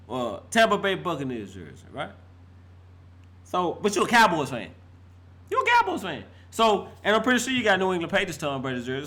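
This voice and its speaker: A man's voice: sits high, pushed and bright. A middle-aged man ranting as a fan vlogger, fired up and laughing, heavy on slang and repeating himself for emphasis. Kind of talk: animated fan rant.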